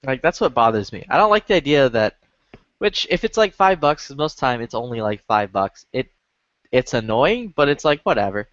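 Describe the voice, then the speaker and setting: A man's voice: medium pitch, big pitch swings, moderate pace, a bit bright, no room sound. A man telling rambling stories in casual chat, swearing a lot. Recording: dull lo-fi stream audio.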